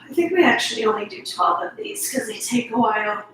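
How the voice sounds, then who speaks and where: A woman's voice: on the high side, animated, a little fast, a bit bright, far from the mic. A woman leading a workout, encouraging and chatty as she counts reps and sighs between sets. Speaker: fitness instructor. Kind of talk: workout instruction. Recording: echoey room, voice from off-mic.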